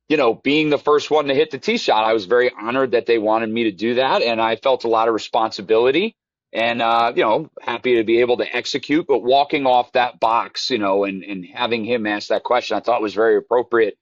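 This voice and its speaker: A man speaking as a guest in a relaxed interview, telling an emotional story that rambles and restarts. His voice is low-pitched and close on the mic, with a dull, lo-fi, dry sound. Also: fairly quick, no room sound. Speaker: golf instructor guest. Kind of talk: casual interview chat.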